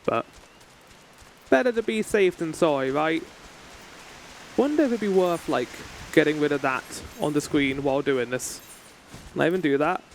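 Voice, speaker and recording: A man's voice: on the high side, animated, normal speed, long pauses, slight background noise. A man giving chatty, joking let's-play commentary while playing a game. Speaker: streamer.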